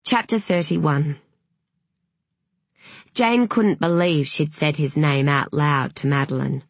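A woman narrating an audiobook in a measured, even reading voice, close to the mic. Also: low-pitched, no echo. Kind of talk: scripted narration.

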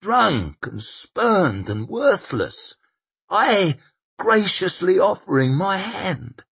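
A man voicing a drunken, blustering old male mercenary with a husky, shrieking, drawn-out delivery. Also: high-pitched, sing-song, a bit bright, pitched above the performer's own voice, exaggerated voice. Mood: muttering.

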